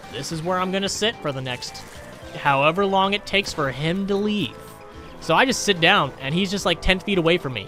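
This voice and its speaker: A man's voice: on the high side, pushed and bright. A young man hosting a gaming channel, telling rambling, profane stories while frustrated at a hard game. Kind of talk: casual gameplay commentary.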